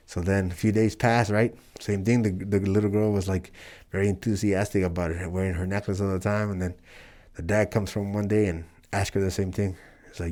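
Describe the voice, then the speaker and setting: A man's voice: low-pitched, fairly even intonation, brisk, darkish tone. A man in his forties, a professional wrestler from El Paso and Juárez, earnestly telling stories in a casual interview and acting out the voices in them. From El Paso, Texas and Juárez, Mexico.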